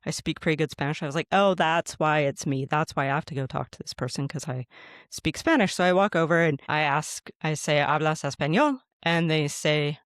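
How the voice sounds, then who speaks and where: A man's voice: on the high side, steady tone, a little fast, fairly bright tone, dry recording, studio quality. A man hosting a podcast, earnestly telling a personal story in a conversational way and acting out his own thoughts.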